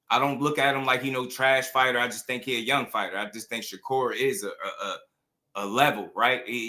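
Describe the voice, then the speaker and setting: A man's voice: medium pitch, sharp tone. A man hosting a boxing show in casual, playful commentary full of slang and jokes. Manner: playful, jokey, heavy slang.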